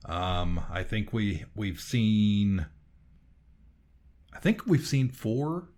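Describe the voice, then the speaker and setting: Man, low voice, podcast co-host, rambling casual chat, lots of ums and restarts. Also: sing-song, drawn-out words, darkish tone.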